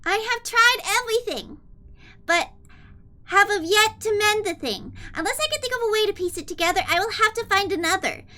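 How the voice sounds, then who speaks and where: A woman's voice: very high voice, expressive, a little fast, bright, forceful tone, voice pushed up, heavily acted. A woman putting on a sugary, cute anime-girl voice to read out a grim journal in an exaggerated, sing-song way. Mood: cutesy. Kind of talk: mock dramatic reading.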